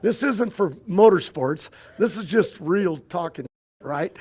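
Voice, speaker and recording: An older man in a casual interview, spinning a long family story. He stops and restarts constantly, piling up fillers as he goes. His voice sits a little on the high side. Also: animated, a little mellow, husky. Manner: rambling, halting with many restarts and fillers. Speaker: guest.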